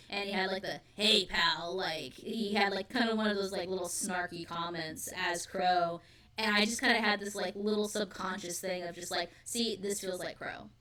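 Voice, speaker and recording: A woman's voice: medium pitch, fairly bright tone, far from the mic. A woman co-hosting a fan discussion stream, talking enthusiastically with lots of fillers. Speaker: podcast co-host.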